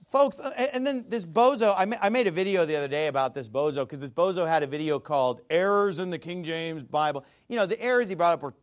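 A man giving an emphatic, scornful video monologue about scripture, stumbling over repeated words and bursting into loud shouts. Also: fairly high pitch, fast talker, few pauses. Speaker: Bible commentator.

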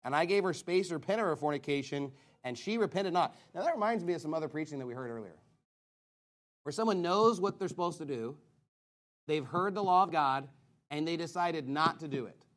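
High-voiced fiery male preacher. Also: lively intonation, brisk. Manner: emphatic, shouts scripture lines, rhetorical questions. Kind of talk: fiery sermon with scripture reading.

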